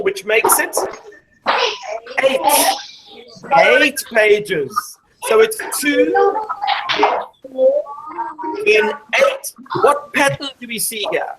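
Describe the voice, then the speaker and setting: High-voiced woman teaching a maths show. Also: animated, takes it slowly, pauses often, heavy background noise. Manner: explains step by step, quizzing the class. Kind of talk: live maths show for schoolchildren. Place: classroom.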